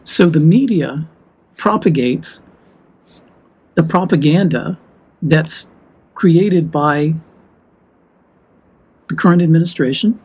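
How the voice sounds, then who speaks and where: A man's voice: on the high side, slow, pauses often, a little mellow, husky, poor audio. A man from the United States talking heatedly and emphatically in a walk-and-talk vlog. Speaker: vlogger.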